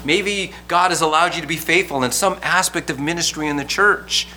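A male pastor preaching with a bright, forceful voice set a little high. He talks earnestly and keeps circling back to restart his phrases. A faint hum sits under the recording. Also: fairly quick. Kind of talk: sermon.

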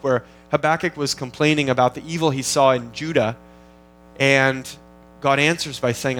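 A man's voice: on the high side, fairly bright tone, a little hiss or hum, low-quality recording. A man preaching an expository sermon in an earnest, teaching manner, often restarting phrases as he works through the text. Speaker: pastor.

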